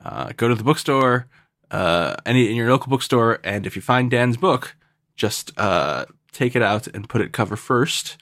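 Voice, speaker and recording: A man hosts a casual podcast, joking and laughing easily as he talks. His voice sits at a middle pitch. The recording is dry and close. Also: lively intonation, moderate pace, fairly bright tone, no echo. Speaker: podcast host. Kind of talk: casual chat.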